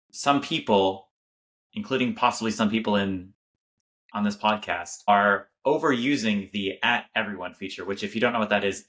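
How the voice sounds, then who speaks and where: A man in his late twenties on a podcast speaks slowly and carefully, pausing on ums. His voice is low yet bright and forward. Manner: measured, hesitant with ums, wry. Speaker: podcast co-host. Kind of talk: casual chat.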